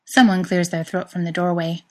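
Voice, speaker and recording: A woman narrating a story in a plain, even reading voice. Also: on the low side, a little fast.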